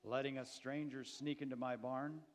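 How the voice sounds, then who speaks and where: A man voicing a gruff, stern male farmer who turns kindly, in a read-aloud storybook. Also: medium pitch, level tone, normal speed, lightly acted. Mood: scolding. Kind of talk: storybook reading.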